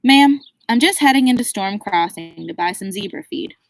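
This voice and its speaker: A woman reading a sly, overfamiliar South African game warden in an audiobook, his breezy patter turning into quiet threats. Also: mid-range voice, lively intonation, normal speed, no echo, faint music behind, natural voice, low-quality recording. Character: smooth-talking sly male game warden, menacing. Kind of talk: audiobook character voice.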